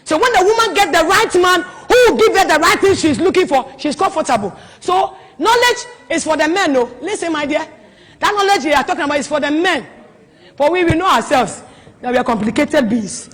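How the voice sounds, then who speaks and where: A woman preaching at a marriage conference, animated, dropping to soft tones and rising to loud exclamations. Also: high voice, a little fast. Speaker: prophetess. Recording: hall reverb.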